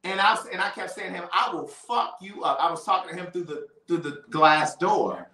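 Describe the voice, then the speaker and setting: A high-pitched, bright-toned man tells a heated story with animated, profane emphasis. He sits somewhat back from the mic in a roomy, echoing space. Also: brisk, far from the mic. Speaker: host. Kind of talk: casual storytelling chat.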